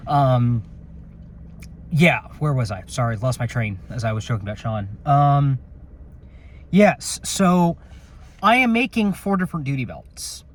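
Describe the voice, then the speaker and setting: A security officer sits in his patrol car at night, casually vlogging into his phone camera, rambling and joking with a bit of swearing. His mid-range voice is expressive, moving at a measured pace with long pauses.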